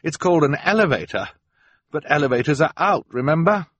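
A man's voice: fairly high pitch, expressive, a little fast, fairly bright tone, husky, muffled recording, pitched above the performer's own voice. A man voicing a resourceful teenage girl inventor, the eldest sister, earnest, practical and encouraging.

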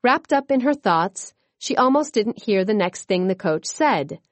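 Woman narrator, children's storybook, expressive, mid voice, dry booth. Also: medium pitch, a little slow, no echo.

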